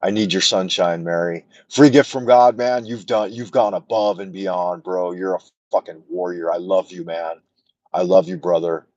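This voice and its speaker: A man's voice: low-pitched, fairly even intonation, normal speed, no echo, lo-fi sound. A man from the United States, hosting a rambling, emotional, profane livestream chat from his camera at home. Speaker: livestream host. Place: home in China. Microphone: camera mic on a mount.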